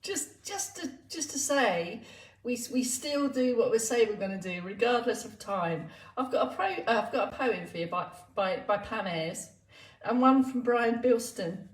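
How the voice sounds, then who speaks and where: A woman's voice: fairly high pitch, animated, normal speed. A woman exercise instructor chatting playfully on a live stream, laughing often. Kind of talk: live-streamed casual chat. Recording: roomy, distant sound.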